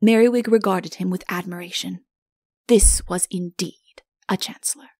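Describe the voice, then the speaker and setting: A woman's voice: fairly low pitch, fairly even intonation, normal speed, darkish tone, no room sound, clean studio sound. A woman narrating a storybook audiobook and acting out the characters in turn. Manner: acts out each character. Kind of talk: storybook reading with character voices.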